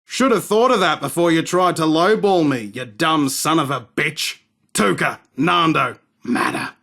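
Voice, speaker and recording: A swaggering, foul-mouthed arms dealer. He talks in a slow, unhurried drawl, his voice sitting a little high for a man. Every line is sardonic and dismissive. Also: animated, creaky, sharp tone, heavily acted. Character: cocky, crude male London arms dealer. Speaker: game character. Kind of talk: game voice acting.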